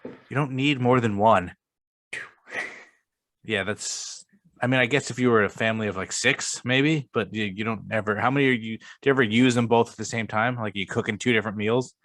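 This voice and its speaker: A man's voice: mid-range voice, a little fast, a bit bright. A young man co-hosting a podcast in casual chat, blunt and argumentative, swearing often. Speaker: podcast co-host.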